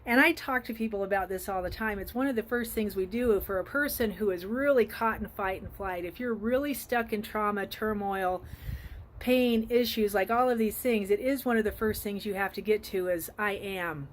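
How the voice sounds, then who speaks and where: A woman's voice: mid-range voice, normal speed, a little hiss or hum. A woman life coach talking earnestly outdoors in a casual motivational vlog, with frequent ums, filmed on a phone. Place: outdoors by a flowering tree.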